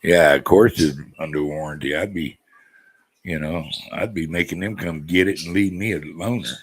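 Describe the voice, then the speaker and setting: A man's voice: low voice, normal speed, breathy edge, poor audio. A man chatting casually with viewers on a live stream, easygoing and rambling. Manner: easygoing, rambling, laid-back.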